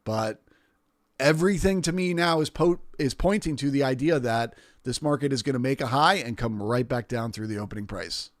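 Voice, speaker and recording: A man's voice: mid-range voice, moderate pace, no room sound, studio quality. A man hosting a live trading stream, explaining market moves in a casual way and answering viewers' questions. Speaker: livestream trading host. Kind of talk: live market commentary and chat Q&A.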